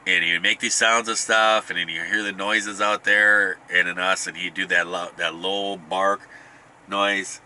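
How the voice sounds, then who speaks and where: A man's voice: sits low, pushed and bright, a little hiss or hum. A middle-aged man casually telling a rambling family story, often restarting and chuckling. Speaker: podcast host.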